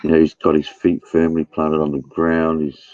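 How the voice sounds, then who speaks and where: A man's voice: extremely low pitch, completely flat delivery, normal speed, a little mellow, no echo, dull audio. A man hosting a livestream, chatting casually, swearing and laughing often. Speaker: livestream host. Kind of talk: casual chat.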